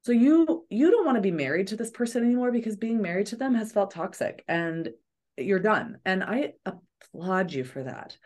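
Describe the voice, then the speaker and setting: A woman's voice: mid-range voice, very animated, moderate pace, darkish tone. A woman therapist, a podcast guest, giving earnest advice in a coaching manner. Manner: earnest, coaching, acts out examples.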